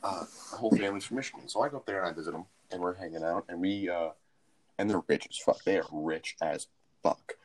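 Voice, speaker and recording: A young male podcast co-host with a deep voice talks very fast, telling a rambling, profane story in casual chat.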